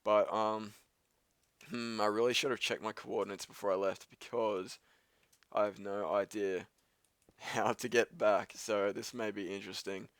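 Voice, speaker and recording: A male let's play host talks over his game in a loose, wandering stream of commentary. His voice sits on the lower side and sounds dry and close, with no room echo. He fills pauses with ums, swears offhandedly and pokes fun at himself. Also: fairly even intonation, a bit bright. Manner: rambling and self-mocking, swears casually, many ums. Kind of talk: gameplay commentary.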